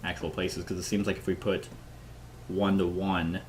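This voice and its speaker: A man's voice: low-pitched, little pitch movement, moderate pace, a little hiss or hum. Chatty man reading a game's story. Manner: chatty, thinks aloud with fillers and laughs. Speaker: player reading the story aloud. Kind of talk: casual tabletop game chat.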